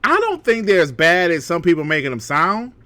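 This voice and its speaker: A man hosting a casual gaming podcast, talking in a lively, slangy way and laughing easily. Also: on the high side, a little fast, dry recording. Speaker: podcast host.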